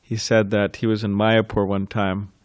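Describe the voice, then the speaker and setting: Low-voiced man giving a temple class. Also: little pitch movement, normal speed, clean tone, no echo, clean studio sound. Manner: informal, anecdotal, laughs softly between thoughts. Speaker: scripture class speaker. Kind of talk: reminiscing temple class talk.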